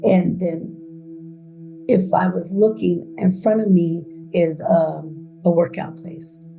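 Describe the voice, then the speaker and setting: A woman telling her own story in a halting, hesitant way, with pauses and repeated words. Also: fairly low pitch, steady tone, vocal fry, mellow, faint music behind, rough recording. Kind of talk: emotional first-person account.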